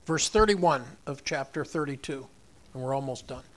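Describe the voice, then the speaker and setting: A man preaching a sermon in an animated way, acting out the voices of the people in the story. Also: medium pitch, moderate pace. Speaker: pastor.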